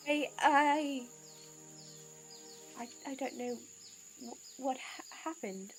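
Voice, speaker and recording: A woman's voice: sits high, slow pace, soft background music. A woman playing in a tabletop game, talking hesitantly and often stammering. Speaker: player. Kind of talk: tabletop game role-play.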